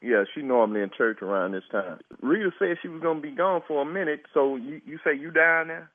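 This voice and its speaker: An exasperated man takes a prank call over a thin, tinny phone line. His voice sits slightly high, and laughter keeps breaking through his refusals. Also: brisk, dry recording.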